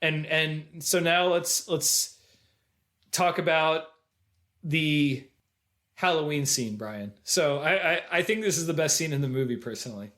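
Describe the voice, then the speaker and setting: Animated male podcast co-host. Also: on the high side, unhurried. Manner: animated retelling with quoted voices. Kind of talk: casual film discussion.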